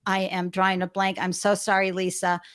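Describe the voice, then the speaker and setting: A woman's voice: mid-range voice, monotone, fairly quick, clear, resonant tone. A woman hosting a live-streamed interview show on a video call, gushing and effusive as she greets viewers by name. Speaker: show host. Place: home studio with balloons behind.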